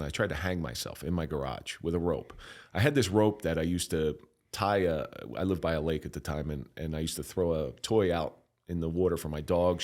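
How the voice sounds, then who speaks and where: A man's voice: deep voice, a little mellow. A middle-aged man telling his own story as a podcast guest, candid and emotional, stopping and restarting often and swearing bluntly. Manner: halting, emotional, frequent restarts.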